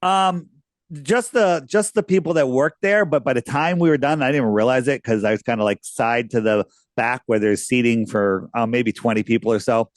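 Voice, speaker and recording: A man's voice: mid-range voice, moderate pace, no room sound. A man who is a radio guest, telling stories in a casual, rambling way with many restarts. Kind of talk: casual interview storytelling.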